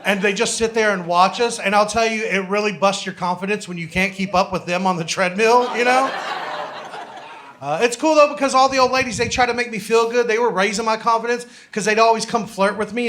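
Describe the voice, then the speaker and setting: Young male stand-up comic, higher voice, brash profane storyteller. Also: a bit bright, slight background noise. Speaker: stand-up comedian. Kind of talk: stand-up comedy set.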